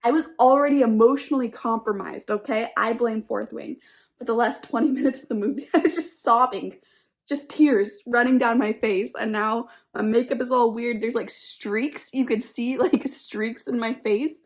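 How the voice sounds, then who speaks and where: A woman's voice: fairly high pitch, moderate pace. A young woman vlogging about books, gushing casually with many "like" fillers and sometimes dropping into a whisper. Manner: gushing, filler-heavy, lots of "like"; drops into a whisper late at night. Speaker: book vlogger. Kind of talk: casual reading vlog.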